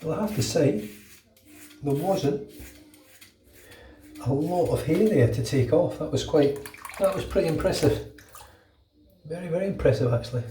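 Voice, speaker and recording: Somewhat high yet dark in tone, a British man's voice carries from a distance in an echoey home bathroom, with slight background noise. He's casually vlogging while shaving his head, chatty, rambling and swearing, and a bit under the weather with a cold.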